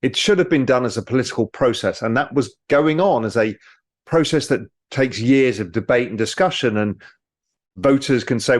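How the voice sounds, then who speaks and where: A man, a guest in an interview, explaining with lively storytelling. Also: medium pitch, moderate pace. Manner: animated storyteller, mimics people in quotes. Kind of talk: casual interview talk.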